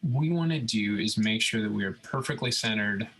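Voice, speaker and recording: A man's voice: on the low side, brisk, slight background noise, low-quality recording. A man talking through a computer design tutorial step by step, checking in often with listeners. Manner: relaxed step-by-step explaining, frequent "okay?" check-ins. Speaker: robotics instructor. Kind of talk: screen-recorded CAD tutorial.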